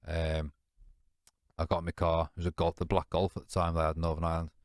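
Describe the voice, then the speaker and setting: A man's voice: sits low, completely flat delivery, quick pace, dry recording, clean studio sound. A man with informal British slang telling a candid personal story in a podcast chat, blunt and swearing, rambling with fillers and often asking "you know what I mean". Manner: rambling and restarting with many fillers. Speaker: podcast guest.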